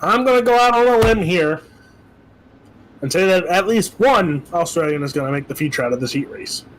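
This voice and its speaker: A man giving joking, quick play-by-play commentary on a sim race. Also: high voice, lively intonation, fairly bright tone, rough recording.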